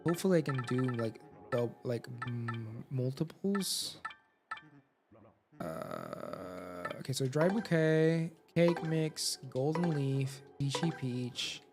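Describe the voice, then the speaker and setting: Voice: medium pitch, animated, takes it slowly. A game streamer giving live, rambling commentary, full of "like", while reading game text aloud. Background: video game music.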